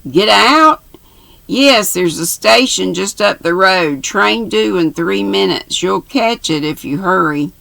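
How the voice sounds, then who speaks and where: Woman doing a brisk young Englishman. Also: medium pitch, expressive, creaky, bright, forceful tone, dry recording, pitched above the performer's own voice, exaggerated voice. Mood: commanding. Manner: clipped, commanding.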